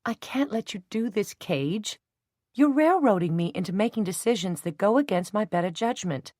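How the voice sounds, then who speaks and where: A woman's voice: medium pitch, lively intonation, normal speed, darkish tone, no echo, studio quality, pitched above the performer's own voice, lightly acted. A woman voicing a prim, thrifty young woman who grows exasperated in a storybook.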